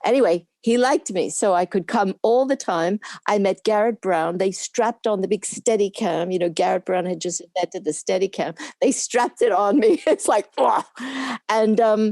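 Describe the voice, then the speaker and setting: A woman's voice: medium pitch, moderate pace, few pauses, darkish tone, no room sound, clean studio sound. An older woman, a camera assistant being interviewed, talking casually and rambling on with frequent laughs. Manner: chatty, rambling, laughs often.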